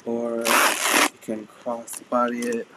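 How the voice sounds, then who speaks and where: Man, hoarse voice, mid-pitch, chatty item descriptions, noisy stream audio. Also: monotone, takes it slowly. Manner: chatty, describes items in detail. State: hoarse, losing his voice. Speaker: live sale host. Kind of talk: casual live-stream sales pitch.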